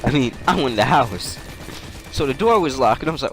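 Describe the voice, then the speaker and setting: A man's voice: medium pitch, expressive, a little fast. A young man telling a story in a loose, slangy way while playing a game, laughing often. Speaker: gaming YouTuber. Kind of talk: casual storytelling over gameplay. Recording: game gunfire noise behind voice. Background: video game gunfire and clicks.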